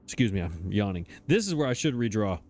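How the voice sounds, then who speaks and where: A man's voice: fairly low pitch, sing-song, fairly quick, a little mellow. Chatty man thinking aloud over a game. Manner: thinks aloud, hesitant, chuckles at himself. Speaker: let's play host. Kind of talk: casual gameplay commentary. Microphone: desk microphone.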